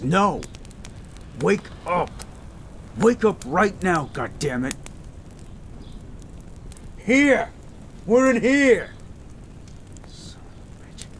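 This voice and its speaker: A man playing a gruff but caring young medical student in a romantic audio roleplay, pleading and tender. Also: fairly low pitch, a little hiss or hum.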